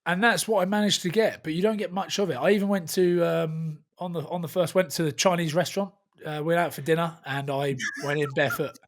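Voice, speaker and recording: A man's voice: a little high, a little fast, few pauses. Dude in his 30s ranting a funny story on a rugby podcast, swears a lot, chatty. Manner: animated storytelling, swears freely. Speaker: podcast host. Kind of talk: casual chat.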